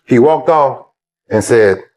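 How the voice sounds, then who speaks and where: A man telling animated stories about an old teammate and rival, laughing and acting out quotes in a casual interview. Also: mid-range voice, slow. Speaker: former player telling stories.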